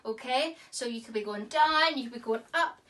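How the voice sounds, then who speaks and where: A woman leading children through a physical warm-up in an online drama class, in a lively, instructive way. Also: fairly high pitch, moderate pace, far from the mic. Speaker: drama teacher.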